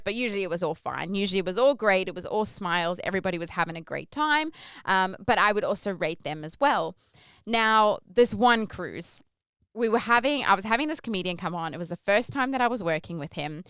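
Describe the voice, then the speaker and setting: A woman's voice: medium pitch, brisk, clean tone, no echo. A young adult Australian woman hosting a podcast, telling a long story in a chatty, rambling way. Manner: chatty, rambling, lively when acting out her stage intros. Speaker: podcast host. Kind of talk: casual storytelling.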